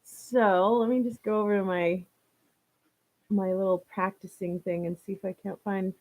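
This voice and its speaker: This young Canadian streamer speaks in a steady, mid-range voice at a moderate pace during a casual live broadcast. She's warm toward her viewers, reads their comments, laughs frequently, and scatters "like" and "you know" throughout.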